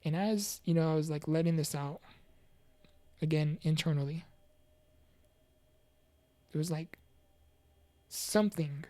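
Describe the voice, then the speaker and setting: A woman giving an earnest, heartfelt personal testimony about mental health and faith, halting now and then with fillers and restarts. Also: sits low, warm tone, no echo. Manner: preachy, faith-focused encouragement. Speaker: motivational speaker.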